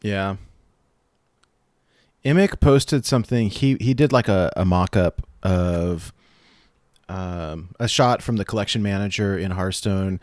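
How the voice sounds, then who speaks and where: A man co-hosting a podcast over a remote call, thinking aloud with halting restarts. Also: low-pitched, darkish tone, no room sound, clean studio sound. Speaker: podcast co-host. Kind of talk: casual chat. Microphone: remote call mic.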